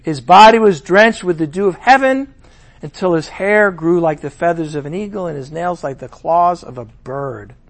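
A middle-aged man preaching a sermon in an animated way, acting out the voices of the figures he quotes. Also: fairly high pitch, moderate pace.

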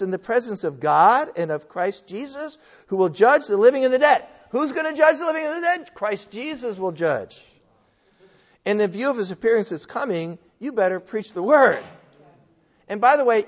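A man preaching a sermon in an emphatic, conversational way, firing off rhetorical questions. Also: sits high. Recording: dull sound in a reverberant hall.

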